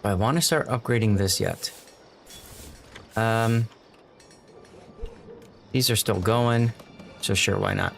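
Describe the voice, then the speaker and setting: A man's voice: fairly low pitch, steady tone, takes it slowly, pauses often, faint music behind. A man live-streaming a city-building game, thinking aloud and greeting his chat as he plays. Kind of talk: casual live-stream gameplay commentary.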